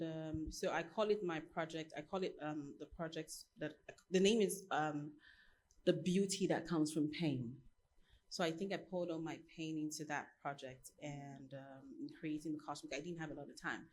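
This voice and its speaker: A woman from Nigeria in her thirties, a costume designer answering on a panel as an animated, laughing storyteller. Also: sits low, a little hiss or hum.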